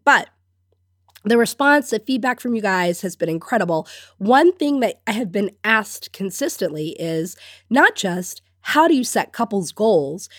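Sick congested lady podcaster, scratchy voice, kinda high, laughs a lot, dry close mic. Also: expressive, moderate pace, no room sound. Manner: upbeat, laughs often between phrases. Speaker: podcast host and business coach. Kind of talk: solo podcast talk.

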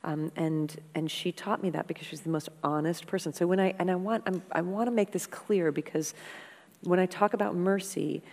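A woman guest in an interview, telling stories in a frank, animated, conversational way and swearing freely. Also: lowish voice, normal speed. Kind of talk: candid conversational storytelling. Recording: long hall reverb.

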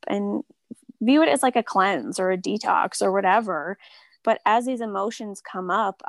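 A woman who practices Reiki talks casually and softly in an interview, with many filler words. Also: mid-range voice, no room sound. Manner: soft-spoken, lots of filler words. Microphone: remote call.

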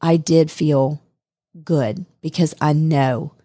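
A woman's voice: sits low, takes it slowly, mellow, dry recording, studio quality. A woman chatting casually on a podcast, reminiscing about a friend with many fillers and restarts.

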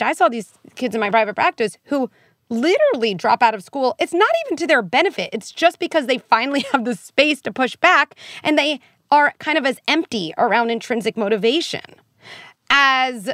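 A woman's voice: sits high, normal speed, no room sound, clean studio sound. A woman psychologist, talking candidly and acting out what parents and kids might say. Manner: animated, candid, acts out quoted parents and kids. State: briefly tearful. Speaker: clinical psychologist, guest. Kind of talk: podcast conversation.

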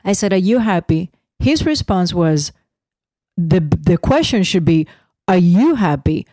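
A middle-aged woman co-hosting a podcast, telling a story in lively casual chat and laughing often. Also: on the low side, measured pace, no echo, studio quality. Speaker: podcast co-host.

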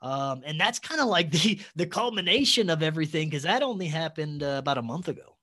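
Excitable man telling a story. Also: fairly high pitch, a little fast. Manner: excitable, with laughs and sudden loudness swings. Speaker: podcast guest. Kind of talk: animated personal storytelling.

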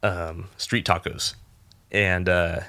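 Casual male storyteller, low-ish forceful voice, rambling and profane. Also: slow pace. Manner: laid-back storyteller, lots of fillers, swearing, animated when quoting.

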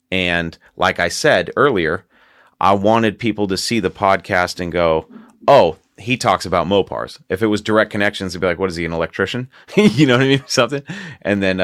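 A man's voice: low voice, fairly bright tone, dry recording, studio quality. A man hosting a casual podcast, telling a long story in a rambling way and laughing often. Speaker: podcast host.

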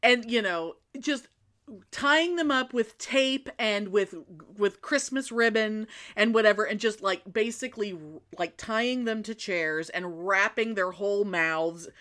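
A woman retelling a film in casual chat, animated and rambling, often restarting her sentences. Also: medium pitch, unhurried.

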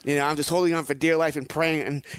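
A man talks fast and keeps things rolling in a loose, chatty style. His voice sits a little high for a man, and it sounds dry and close, with no room echo. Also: smooth. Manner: animated storyteller, says "man" a lot. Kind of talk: casual chat.

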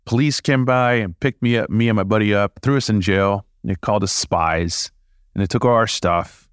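A man, a podcast guest, telling stories casually in an animated way, laughing and acting out dialogue. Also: on the low side, normal speed, smooth, dry recording, studio quality. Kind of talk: casual storytelling.

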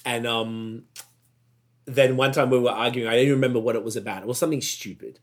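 A man's voice: medium pitch, steady tone, quick pace. A young man hosting a casual chat, rambling, swearing freely and laughing often. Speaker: podcast host.

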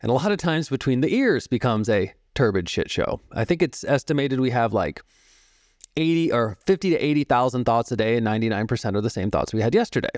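A man in his fifties, a podcast guest, telling stories about music and meditation in a calm, reflective way and explaining through analogies. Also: mid-range voice, fairly quick, no echo, studio quality. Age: 50s. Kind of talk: storytelling interview talk.

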